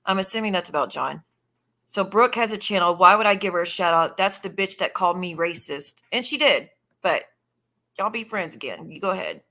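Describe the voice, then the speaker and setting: A woman chatting on a casual live stream with a bright, forceful voice. She talks bluntly and swears freely, reacting to messages and greeting her viewers. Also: fairly low pitch, expressive, a little fast. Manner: blunt and profane, chatting with viewers while scrolling. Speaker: livestreamer.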